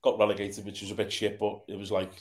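Blunt ex-footballer, laddish chat. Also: male voice, monotone, fast, a little mellow. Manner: blunt, low-key, laddish. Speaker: former footballer, guest. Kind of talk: casual chat.

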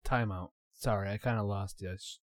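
A man co-hosting a podcast, jumping in with quick questions during casual chat. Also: fairly low pitch, steady tone, very noisy. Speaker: podcast co-host.

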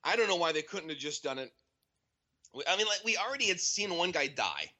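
A man in a casual podcast chat about movies, excitable and rambling with many restarts. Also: a little high, a little fast. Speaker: podcast co-host. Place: home.

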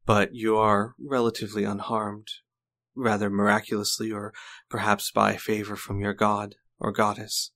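A man narrates a tabletop game as game master in a low voice. He sets the scene slowly, stopping for fillers now and then. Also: a bit bright. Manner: descriptive, halting with fillers.

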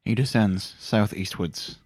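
A man playing a tabletop game, describing his character's actions in a dry, deadpan way. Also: lowish voice, a little slow, slightly rough, dry recording. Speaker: player. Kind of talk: casual tabletop game chat.

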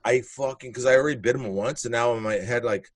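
A man's voice: mid-range voice, fast, no room sound. Blunt, profane man telling a story. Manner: animated, blunt, profane storytelling with acted-out moments. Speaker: comedian guest. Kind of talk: casual storytelling.

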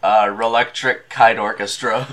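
A man's voice: lowish voice, steady tone, a little slow, noisy background. A man co-hosting a podcast in casual comedic chat, making dry jokes and laughing at his own bits. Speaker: podcast co-host.

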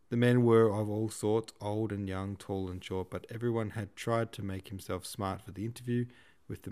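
A man hosting a podcast, reading a classic novel aloud in a steady, measured way. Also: fairly low pitch. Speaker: podcast host and reader.

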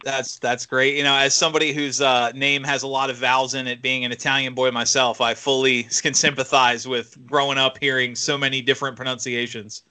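A man hosting a talk show, halting and full of fillers. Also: mid-range voice, level tone, bright, forceful tone, clean tone. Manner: hesitant, many fillers. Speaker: host. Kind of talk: casual radio chat.

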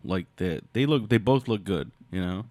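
A man's voice: deep voice, animated, moderate pace, a little mellow, no echo. A man co-hosting a casual podcast, telling laid-back, profane stories. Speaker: podcast co-host, comedian.

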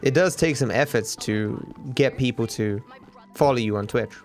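A man's voice: medium pitch, moderate pace, soft background music. A young man, a streamer rambling casually, candid and self-deprecating, swearing freely.

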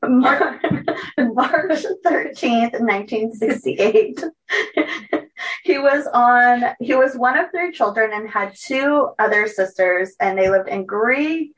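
A fairly high-pitched woman talks a story through in a loose, chatty way, stumbling and correcting herself as she reads from notes. She sits slightly back from the microphone. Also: expressive, slow pace, far from the mic, poor audio. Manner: chatty, loose, with many fillers and self-corrections. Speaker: podcast co-host telling a true-crime story.

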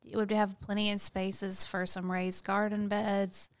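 Animated female co-host, mid-pitched, teasing. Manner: animated, teasing, talks fast when excited. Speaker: podcast co-host. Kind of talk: casual chat.

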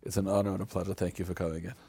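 A man hosting an interview, with a somewhat low voice that has a gravelly fry. His tone is dark and husky, and he speaks in a measured, courteous way. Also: little pitch movement. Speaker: interviewer and host. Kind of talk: interview conversation.

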